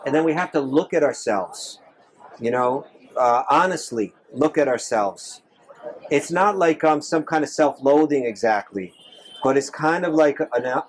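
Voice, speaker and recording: Man, monk at live Q&A, earnest, restarts often, mid pitch. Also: rough recording. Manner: earnest, repeats phrases, frequent restarts. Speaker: monk answering audience questions. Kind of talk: live Q&A talk. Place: temple hall with audience.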